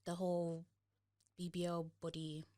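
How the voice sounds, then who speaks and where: A young woman co-hosts a relaxed podcast chat in an easygoing tone. Her voice sounds close and dry on the mic. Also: on the low side, unhurried, no room sound. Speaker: podcast host. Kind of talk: casual chat.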